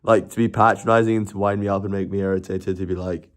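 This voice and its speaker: A man's voice: low voice, little pitch movement, quick pace, hardly any pauses. A man chatting casually and rambling on a live stream, laughing and swearing as he goes.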